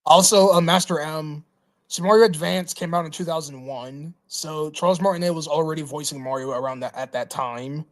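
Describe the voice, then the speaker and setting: A man hosting a livestream, reading through a list in a casual, halting way with lots of "uh" fillers and restarts. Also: on the high side, steady tone. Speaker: livestream host.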